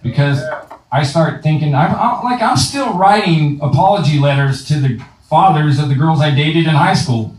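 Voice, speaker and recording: A man's voice: fairly high pitch, moderate pace, slight background noise. A man in his thirties doing a crude stand-up comedy set with lots of swearing, speaking to a live crowd from a club stage. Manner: crude, swearing punchlines with voiced asides. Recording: echoey club, mic at a distance.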